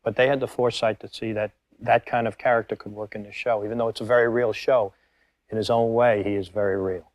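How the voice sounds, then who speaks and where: Quick-talking man, a TV director. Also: on the low side, fairly even intonation, no room sound. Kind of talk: interview reflection.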